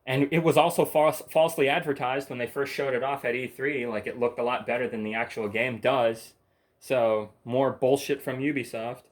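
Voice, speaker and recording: A man's voice: medium pitch, steady tone, moderate pace. A man hosting his own channel, talking alone in a rambling, blunt, profane rant and laughing between points. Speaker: channel host. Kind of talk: rambling ranting monologue.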